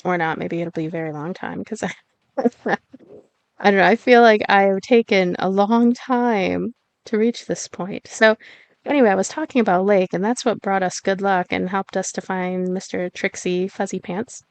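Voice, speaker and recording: A woman's voice: mid-range voice, fairly even intonation, normal speed, no room sound. A young woman giving casual, bubbly let's-play commentary as she plays a game, giggling and cooing at the animals on screen. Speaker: gameplay streamer.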